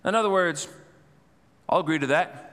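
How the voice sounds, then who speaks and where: A male pastor preaching a sermon, telling a scripture story with animated, dramatized retelling. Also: a little high, normal speed. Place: church sanctuary. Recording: long reverb in a church hall.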